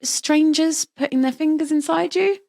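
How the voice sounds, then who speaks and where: A middle-aged woman, a birth practitioner, talking casually as an interview guest and explaining with lively, vivid examples. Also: sits high, normal speed, gravelly.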